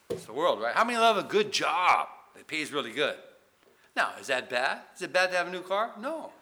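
Pastor guy preaching, bright sharp voice, keeps asking the crowd questions, loud then hushed. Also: on the high side. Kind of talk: sermon.

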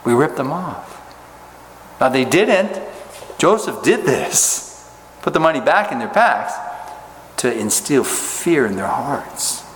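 A man's voice: mid-range voice, big pitch swings, slow, a bit bright. A male pastor preaching in a long-echoing church sanctuary, with faint ambient noise in the background. He speaks in a folksy, conversational way and keeps turning to his listeners with rhetorical questions. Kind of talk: sermon with scripture reading.

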